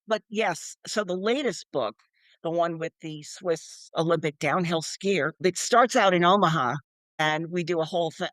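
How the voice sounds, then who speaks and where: A woman's voice: sits low, no room sound. An older woman, an author being interviewed, chatting animatedly and acting out quoted voices with frequent laughs. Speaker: author and guest. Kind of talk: casual interview chat.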